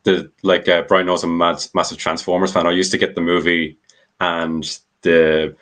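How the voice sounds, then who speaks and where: A man's voice: low voice, level tone, a bit bright. A man guesting on a podcast, throwing in jokes and wisecracks during casual chat. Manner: joking, quick wisecracks.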